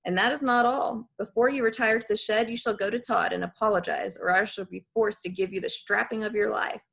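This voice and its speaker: A woman's voice: medium pitch, fairly even intonation, brisk, creaky, fairly bright tone, husky. A woman voicing a stern, pompous middle-aged foster mother who talks in a formal, scolding way, read as an audiobook character. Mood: cold mocking. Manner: formal, haughty, scolding speech.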